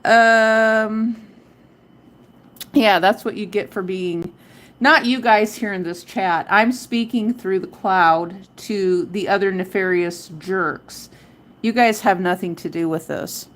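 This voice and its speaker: Woman, middle-aged, slow, chatty crochet livestream host, counts stitches aloud. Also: medium pitch, fairly bright tone. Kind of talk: casual live crochet tutorial.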